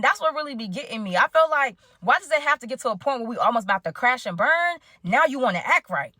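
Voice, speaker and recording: A young adult woman rattles through her story at a fast clip, her voice sitting a little high. She keeps calling out to listeners and slips into quoted dialogue as she goes. The sound is dry and close, with no room around it. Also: dry recording. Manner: animated, addresses listeners as "y'all", acts out quoted dialogue. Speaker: caller telling her story. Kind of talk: casual storytelling.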